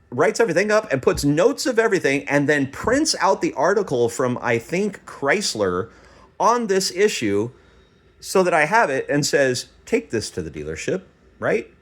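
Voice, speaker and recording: A middle-aged man telling a story in a casual vlog, animated and exasperated, acting out quoted dialogue as he goes. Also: on the high side. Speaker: vlogger.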